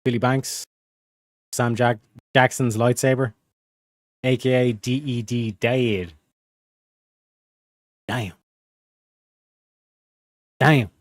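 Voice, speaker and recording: A man's voice: medium pitch, fairly even intonation, drawn-out words, long pauses, dry recording, clean studio sound. A young man hosting a livestream in casual, rambling chat, full of slang and "you know what I mean". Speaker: livestream host.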